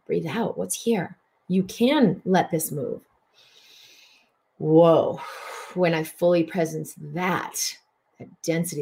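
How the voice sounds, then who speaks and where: A woman's voice: on the low side, a little mellow. Earnest woman hosting a spiritual broadcast. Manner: repeats words for emphasis, earnest and flowing. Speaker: host of a healing broadcast.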